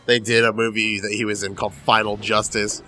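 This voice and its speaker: A man co-hosting a let's play, commentating casually in an excitable, profane way and laughing easily. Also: lowish voice, a little fast, faint music behind.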